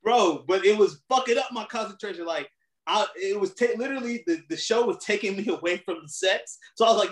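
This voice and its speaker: A young podcast co-host tells stories in casual, profane chat, animated and breaking into bursts of laughter. His voice sits high and runs a little fast, and the room sounds echoey.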